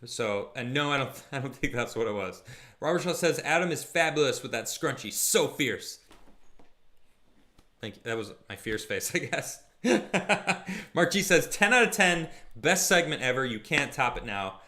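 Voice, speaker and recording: A young man hosts a casual live stream and talks through viewer comments in an animated, chatty way. His voice sits at an ordinary middle pitch, and he moves easily between joking and serious moments. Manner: chatty, animated, quick mood swings from jokey to somber. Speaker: live-stream host reading chat.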